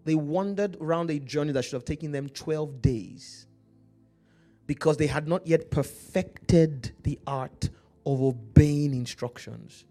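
A male pastor with an African accent preaches with rising, emphatic delivery, his voice sitting a little higher than most men's. He slows to intone scripture and keeps checking that his listeners follow, with soft music playing underneath. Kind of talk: sermon.

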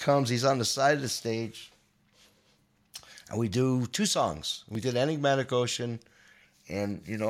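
A man in his sixties, a guest guitarist on a podcast, telling an emotional story in an animated, manic way and often repeating his words. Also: medium pitch.

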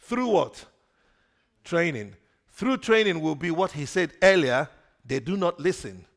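A male preacher with a gravelly edge to his fairly high voice. He takes his time, drawing each answer out of the congregation with a question. His delivery swings between loud emphasis and quiet asides. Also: very animated, measured pace. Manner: call-and-response questions to the congregation. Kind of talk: sermon.

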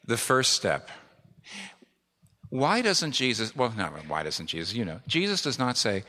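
Animated preacher man in a reverberant hall. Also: medium pitch, normal speed. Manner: animated, emphatic preaching with repetition. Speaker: pastor. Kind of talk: sermon. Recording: long reverb of a large hall.

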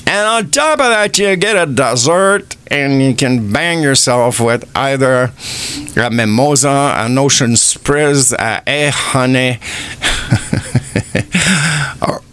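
Slow-talking radio host man. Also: medium pitch, fairly bright tone, smooth. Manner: unhurried and chatty, trails off with many ums, mixes French phrases into English. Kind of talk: casual radio chat. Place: radio studio.

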